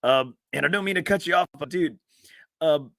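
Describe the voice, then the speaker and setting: Brief: male podcast host from South Texas, easygoing rambler, bright tone, dry close mic. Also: a little high, moderate pace, vocal fry, no echo. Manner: laid-back, rambling with fillers. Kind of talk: casual chat.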